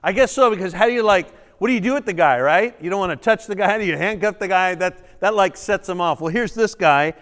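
Man, pastor, sermon, smooth resonant voice, long church reverb. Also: high-pitched, brisk, few pauses. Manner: dramatic scripture reading, animated asides to the congregation. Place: church sanctuary.

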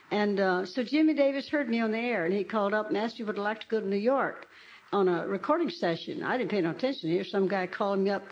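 A woman's voice: fairly high pitch, a little hiss or hum. An older woman from Arkansas, a country singer, telling homespun stories on stage between songs and laughing as she talks. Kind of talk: folksy onstage storytelling between songs. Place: live stage at an outdoor folk park venue. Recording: dull lo-fi live recording with loud guitar music.

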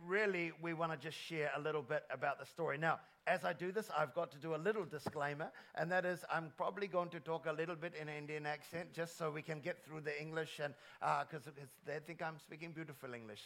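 Upbeat pastor guy on a church stage, bit gravelly, highish voice, handheld mic. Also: fairly bright tone. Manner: enthusiastic, rallies the congregation. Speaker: pastor hosting a church interview. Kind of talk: lively church stage hosting. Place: church auditorium. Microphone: handheld microphone.

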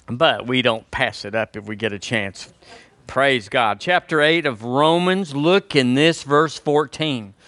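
A man's voice: fairly high pitch, sharp tone, dry recording. An older man, preaching a sermon to his congregation in a folksy, conversational way. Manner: folksy, conversational preaching with y'all and homespun examples. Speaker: pastor.

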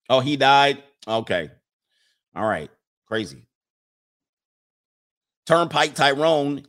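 A man's voice: medium pitch, fairly bright tone. A man hosting a live stream, casually commenting, joking and rambling as he reads viewer messages. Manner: rambling, joking, talks back to himself. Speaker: live-stream host reading viewer chats.

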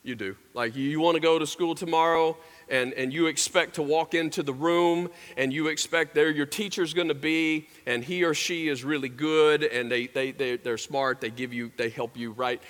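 A pastor preaches in a church, telling stories and speaking directly to the congregation. His voice is on the high side and a bit bright, with a steady tone, normal speed and few pauses, recorded in an echoey large hall.

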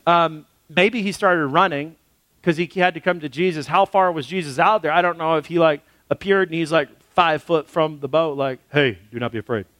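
A man preaching a sermon as pastor in a casual, animated way, acting out quotes as he goes. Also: on the high side, normal speed, no room sound.

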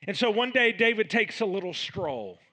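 A man's voice: normal speed, pushed and bright. A man preaching a sermon, reading scripture aloud and acting out the quoted lines with big swings of emphasis. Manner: reads scripture aloud with dramatic swings in volume and pitch. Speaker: pastor.

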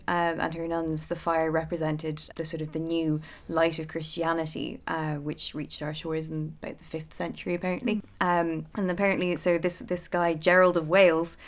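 A woman's voice: deep voice, steady tone, normal speed, hardly any pauses. An Irish woman co-hosting a casual chat, reading from notes with many fillers and self-corrections. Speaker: podcast co-host.

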